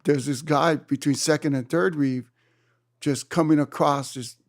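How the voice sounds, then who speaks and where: A man in his seventies from Hawaii, an interview guest telling surf stories in an animated way and acting out his own exclamations. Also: on the high side, a little slow, no room sound, studio quality. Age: 70s. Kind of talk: storytelling in a conversation. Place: room.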